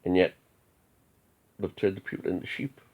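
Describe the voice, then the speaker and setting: A man's voice: sits low, flat delivery, normal speed, a little mellow. A man from an Odinist group giving a preachy, defiant rant full of rhetorical questions. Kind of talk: ranting monologue. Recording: tinny phone-like audio.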